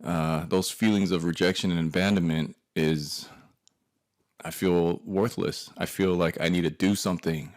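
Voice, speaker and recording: A man's voice: low voice, steady tone, normal speed, darkish tone. A man telling a personal story to an audience, emphatic and profane, muttering curses under his breath. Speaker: guest speaker.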